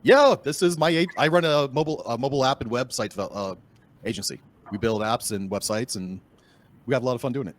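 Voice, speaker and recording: A man's voice: medium pitch, fast talker. A man with a Boston accent hosting a podcast interview, upbeat and chatty, often repeating his phrases. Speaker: podcast host. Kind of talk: casual interview.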